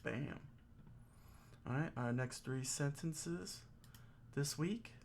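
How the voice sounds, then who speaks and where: Slow, jokey man drilling vocabulary. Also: on the high side, creaky, darkish tone, a little hiss or hum. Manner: jokey, thinking aloud, with self-corrections. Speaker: streamer teaching himself Japanese. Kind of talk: casual self-study stream.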